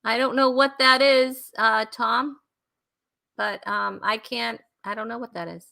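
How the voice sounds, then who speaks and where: A woman's voice: fairly high pitch, steady tone, a little slow, vocal fry, pushed and bright. A woman hosting a live online comedy talk show, chatting casually and laughing often. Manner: giggly and bubbly, laughs often. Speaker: host.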